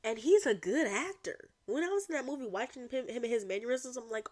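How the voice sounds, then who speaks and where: A young woman hosting a solo podcast, talking in a chatty, rambling way with animated asides. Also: a little high, fairly quick, hardly any pauses. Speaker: podcast host. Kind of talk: casual solo chat.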